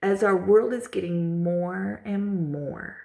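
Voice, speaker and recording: A woman's voice: mid-range voice, slow pace, vocal fry, mellow. A woman vlogger telling a personal story in a casual, rambling way, repeating herself and using lots of fillers.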